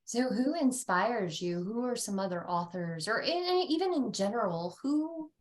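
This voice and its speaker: A woman's voice: fairly high pitch, animated, unhurried. A woman interviewer asking short questions to prompt her guest.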